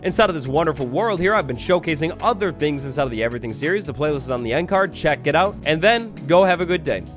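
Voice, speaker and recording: A man's voice: fairly high pitch, animated, quick pace, a bit bright. A young man hosting a game tutorial, explaining mechanics in an upbeat, playful way and acting out little scenes. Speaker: Minecraft tutorial host. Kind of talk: gameplay tutorial narration. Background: background music.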